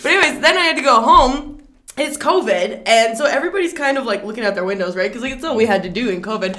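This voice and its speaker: A young woman, a comedian, telling a story in casual chat. She is animated, laughs often and swears freely. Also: fairly high pitch, fast. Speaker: comedian guest.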